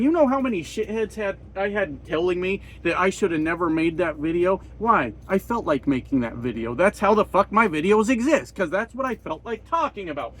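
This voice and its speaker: A man ranting bluntly and sarcastically in a trucker vlog, swearing a lot, recorded in his parked truck cab at a truck stop. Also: on the high side. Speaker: trucker vlogger.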